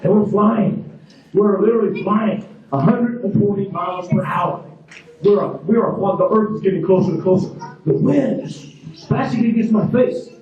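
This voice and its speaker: A man's voice: high-pitched, normal speed, darkish tone, highs cut off. A man giving a motivational graduation ceremony speech, telling stories emphatically and repeating key phrases. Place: large ceremony hall. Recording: echoey hall, voice from far off.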